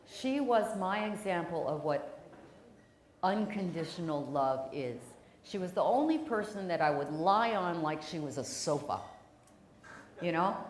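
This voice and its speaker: A woman, telling a family story on stage with dramatic pauses. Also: lowish voice, roomy sound, a little hiss or hum. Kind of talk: live personal storytelling.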